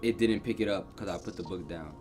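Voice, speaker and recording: A young man commenting on a horror game at home, jumpy and excitable, yelling and cursing at scares and joking in casual slang. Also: sits low, a little fast, soft background music. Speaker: gaming YouTuber. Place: home room.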